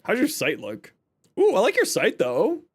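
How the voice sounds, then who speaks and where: A man's voice: high-pitched, huge pitch swings, moderate pace, husky. A young man streaming a game, chatting casually with viewers, joking and explaining his build. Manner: chatty, jokey, reads chat aloud and explains builds. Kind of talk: casual live stream chat.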